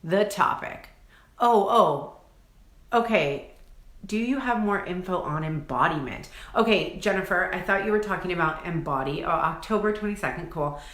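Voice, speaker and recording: A woman in her 40s runs a live coaching stream, her low, slightly bright voice echoing around the room at a moderate pace. She gushes over viewers' comments and sprinkles casual swear words into her chatty replies.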